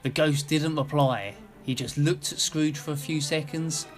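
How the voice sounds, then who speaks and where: Male narrator, storybook reading, higher-pitched, lively. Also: a little slow, soft background music. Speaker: video narrator and channel host.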